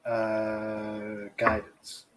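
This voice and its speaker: A man's voice: fairly low pitch, completely flat delivery, drawn-out words, pushed and bright. A man playing a tabletop game, chatting casually, joking around and calling out his dice rolls. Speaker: player.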